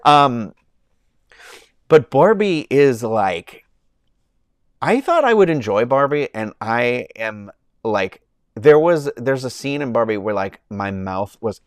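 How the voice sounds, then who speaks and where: Young man, casual streamer, smooth and clear, dry close-mic sound, rambly and effusive. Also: mid-range voice, animated, takes it slowly, pauses often, dry recording. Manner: rambling, many fillers and restarts, gushing. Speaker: movie review livestream host. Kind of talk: casual chat. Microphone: own microphone, close.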